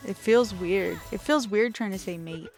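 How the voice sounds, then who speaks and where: A woman's voice: mid-range voice, normal speed, music in the background. A woman streaming as a VTuber, chatting casually and playfully with her viewers in a teasing, talkative way.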